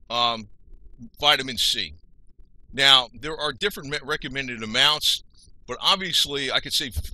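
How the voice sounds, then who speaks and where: A man's voice: medium pitch, bright, forceful tone, no room sound, low-quality recording. A man giving an unscripted health talk, rambling with frequent restarts and self-corrections.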